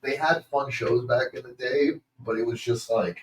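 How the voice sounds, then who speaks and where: Man telling animated stories in an echoey venue. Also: mid-range voice. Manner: animated storyteller, quick laughs. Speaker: band member. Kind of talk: casual interview chat. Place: venue after load-in. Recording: echoey room, distant mic, faint noise.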